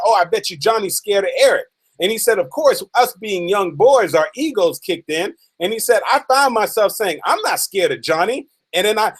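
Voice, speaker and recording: A man giving a motivational talk, retelling a story through quoted dialogue and often saying "man". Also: high-pitched. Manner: builds the story slowly, then quickens for dramatic moments. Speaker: motivational speaker.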